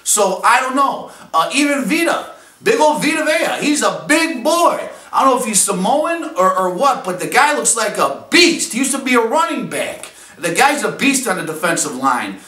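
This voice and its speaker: A man hosts a casual fan podcast, jumping between jokes and asides with many fillers. His voice sits high and bright. He sounds a little off-mic in a roomy, echoing space. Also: moderate pace, far from the mic. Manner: animated and jokey, full of fillers and asides. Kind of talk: casual rambling commentary. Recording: echoey room, a little off-mic.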